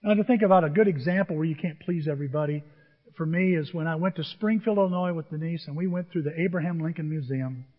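Older man, high voice, sermon, husky tone, long hall reverb, dull lo-fi sound. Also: fast. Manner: animated storytelling, acts out voices. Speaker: pastor.

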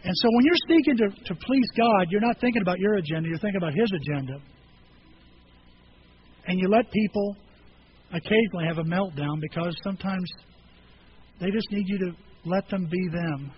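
High-voiced man preaching a sermon. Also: brisk, long pauses, dull audio, a little hiss or hum. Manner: storytelling, acting out conversations with voices. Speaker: pastor. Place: church.

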